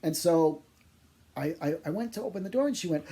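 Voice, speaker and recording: A man, a psychic medium, telling funny stories to camera in a chatty, animated, self-deprecating way. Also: on the high side, moderate pace, pauses often. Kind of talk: storytelling monologue to camera.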